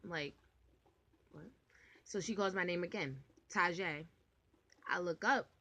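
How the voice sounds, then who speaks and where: Young woman vlogger, low-pitched, casual storytime delivery, rambly and animated with lots of filler. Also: moderate pace. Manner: rambling, animated, full of "like" and swearing.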